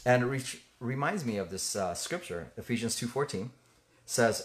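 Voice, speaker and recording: Earnest man teaching in halting speech. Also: medium pitch, animated. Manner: earnest, halting, with many fillers and restarts. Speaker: ministry co-host. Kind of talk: conversational faith teaching.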